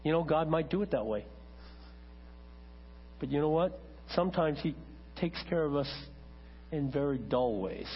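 A man preaching a sermon as a pastor, talking conversationally to his congregation and turning animated when he tells a story. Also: fairly high pitch, measured pace, vocal fry, pauses often, breathy edge. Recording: dull lo-fi church recording with mains hum.

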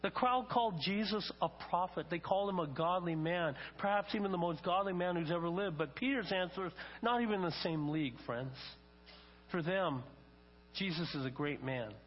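Here an older man preaches at a moderate pace in a voice that sits high, a pastor who tells stories and performs quotes with rising emphasis. There's a faint mains hum, long reverb, and a dull lo-fi sound.

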